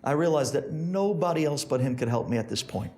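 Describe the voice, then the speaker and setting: A man's voice: expressive, a little fast, darkish tone. A man, a rabbi, telling a sermon story and acting out each character's voice. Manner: acts out characters with big pitch swings.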